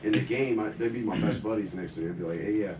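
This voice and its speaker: A man's voice: fairly low pitch, quick pace, reverberant, distant mic. A young man and former football player telling stories in casual chat, loose and laid-back. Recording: voice off-mic with faint hiss.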